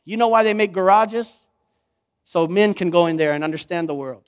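A man preaching a sermon in an animated way, acting out the voices he quotes. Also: sits high, normal speed, clean tone. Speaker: pastor.

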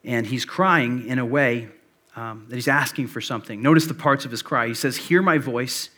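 A man in his thirties preaches a sermon, and it comes out like an easygoing chat, full of small fillers and restarts. His voice is bright and forward, with an ordinary middle pitch. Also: moderate pace. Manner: conversational storytelling with many fillers. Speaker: pastor.

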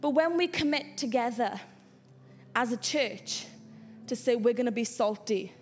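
A woman's voice: a little high, animated, a little slow. A woman pastor, preaching an earnest sermon to her church that builds to impassioned exhortation. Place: church hall.

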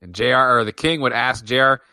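A man co-hosting a casual wrestling review podcast, animated, trailing off and laughing often. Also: mid-range voice, a little fast, clean tone, no echo. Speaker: podcast co-host.

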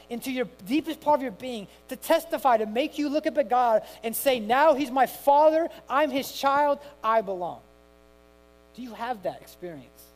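A middle-aged man preaching a sermon with passion, moving from hushed tones to loud cries. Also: sits high, low-quality recording. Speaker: pastor.

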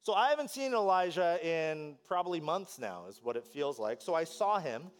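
A man preaching a sermon as pastor, telling a story with lively, animated delivery and acting out voices. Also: a little high, normal speed.

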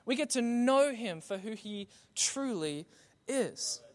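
High-voiced preacher. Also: male voice, expressive, slow. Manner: conversational, builds to rhetorical refrains. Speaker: pastor. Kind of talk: sermon.

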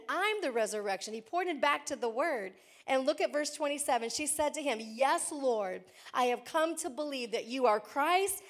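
A woman pastor preaching a sermon, reading scripture aloud and swinging between loud declarations and hushed, slow emphasis, repeating key lines. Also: a little high.

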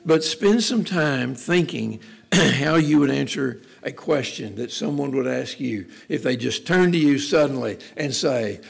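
Gravelly, husky-voiced male preacher. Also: medium pitch, measured pace. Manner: earnest, conversational preaching with repeated phrases. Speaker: pastor. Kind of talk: sermon.

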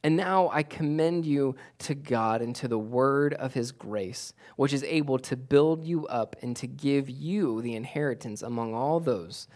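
A man with a mid-range voice preaches a sermon from the pulpit as a pastor. He repeats his key lines for emphasis and restarts his sentences as he goes. On the points he presses hardest, his voice climbs higher and louder. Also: unhurried, few pauses.

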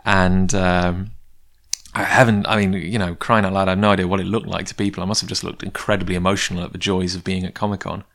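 A man with a very low, deep voice tells a long personal story in a loose, casual way. He wanders off on tangents and pokes fun at himself as he talks about his comics work. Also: flat delivery, quick pace, a bit bright. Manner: rambling, goes off on tangents. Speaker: comic book creator.

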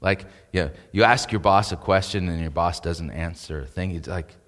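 A man's voice: deep voice, normal speed, a bit bright, big-room sound. A male pastor preaching a sermon in a conversational way, rising to emphatic peaks.

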